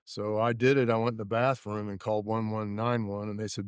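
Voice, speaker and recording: A man in his seventies from Indianapolis, a former race mechanic telling stories in a studio interview at a measured pace with many fillers. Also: lowish voice, flat delivery, clear, resonant tone, no room sound. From Indianapolis, USA. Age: 70s. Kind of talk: casual interview storytelling.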